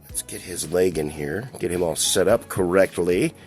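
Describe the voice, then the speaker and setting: A man's voice: sits low, moderate pace, soft background music. A man casually reviewing a collectible toy, chatty and rambling, with a chuckle now and then. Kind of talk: casual toy review while handling a figure.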